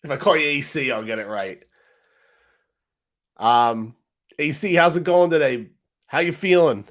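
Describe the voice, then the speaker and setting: A man's voice: fairly high pitch, a little slow, a bit bright. A man hosting a casual livestream, talking straight to his viewers in a frustrated, rambling way. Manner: frustrated, rambling, talks to chat directly. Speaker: live stream host.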